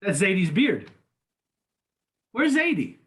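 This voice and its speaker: Man playing a patient old rabbi grandpa, gentle, questioning, somewhat high voice. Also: wildly swooping pitch, takes it slowly, exaggerated voice. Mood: gently teasing. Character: gentle elderly male rabbi teasing his grandson.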